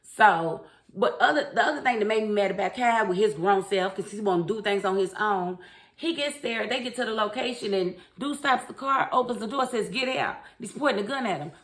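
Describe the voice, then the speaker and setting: Woman reviewer, casual chatty recap, lively and opinionated, mid-pitched voice. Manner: animated, opinionated storytelling with acted-out quotes.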